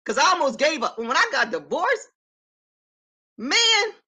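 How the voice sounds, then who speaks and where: High, bright-voiced emphatic woman. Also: sing-song, brisk. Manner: emphatic, self-affirming, shouts out viewers. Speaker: live streamer. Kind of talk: casual live-stream chat. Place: her apartment.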